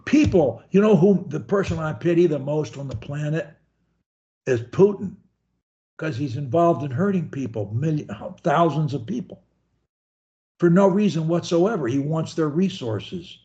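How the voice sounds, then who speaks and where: Mellow encouraging male speech coach. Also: on the high side, lively intonation, unhurried, lo-fi sound. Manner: folksy, rambling, encouraging. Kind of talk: one-on-one coaching session.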